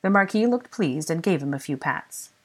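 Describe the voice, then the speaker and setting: Low-voiced woman reading a story. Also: expressive, normal speed. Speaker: fan audiobook reader. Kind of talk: storybook narration.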